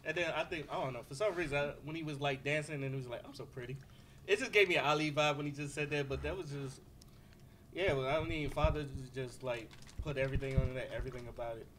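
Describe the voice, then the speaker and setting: A man's voice: on the high side, fast, fairly bright tone, slight background noise. A man hosting a casual podcast, introducing guests in a loose, joking way. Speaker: podcast host. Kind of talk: casual chat.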